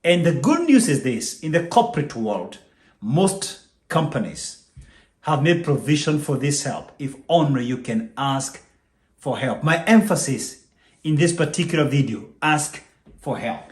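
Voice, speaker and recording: Guy giving an emphatic preachy pep talk, kinda high voice, echoey room. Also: sing-song, a little slow. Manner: emphatic, preachy, repeats key points. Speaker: business channel host. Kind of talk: motivational talk to camera.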